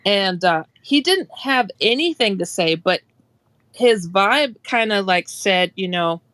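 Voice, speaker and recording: A woman hosting a casual talk stream, telling a personal story in an animated way, laughing often and acting out quotes. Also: mid-range voice, slow, no echo.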